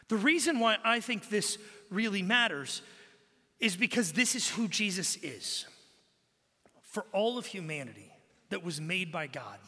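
A male pastor preaching a sermon, swinging between loud exclamations and hushed murmurs. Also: sits high, husky. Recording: long hall reverb.

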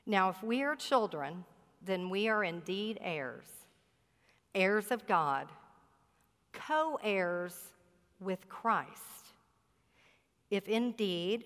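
Slow, earnest woman pastor preaching. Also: mid-range voice, a bit bright. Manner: earnest, slow and emphatic, stretching key words. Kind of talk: sermon. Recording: long reverb of a hall.

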